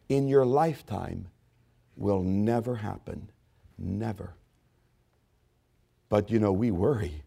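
A man preaching a sermon, swinging between loud, emphatic repetition and low, hushed asides. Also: vocal fry, breathy edge. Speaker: pastor.

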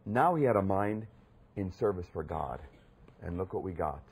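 A man preaching a sermon with emphatic delivery, jumping from loud exclamations to low, quiet asides. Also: expressive, normal speed, husky. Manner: emphatic, swinging between loud outbursts and low murmurs.

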